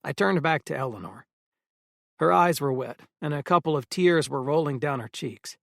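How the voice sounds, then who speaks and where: A man narrating a first-person audiobook in a steady storytelling manner. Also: on the high side, moderate pace, gravelly, no echo, studio quality.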